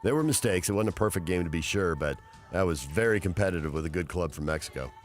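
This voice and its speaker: A man with a fairly low voice hosts a sports talk radio show. He talks about the games with energy and reads the headlines. Faint music plays behind him. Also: expressive, fast talker.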